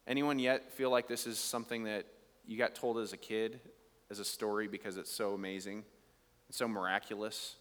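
A man preaching a sermon, reading scripture and explaining it, swinging from quiet asides to near-shouted emphasis. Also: on the low side, flat delivery, normal speed. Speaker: pastor. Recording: long hall reverb.

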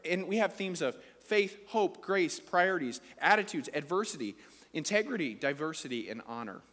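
As a pastor delivering a sermon, this man speaks earnestly to his congregation and quotes scripture. His voice is fairly high and fairly bright, with lively intonation and a moderate pace, and the recording carries a long hall reverb.

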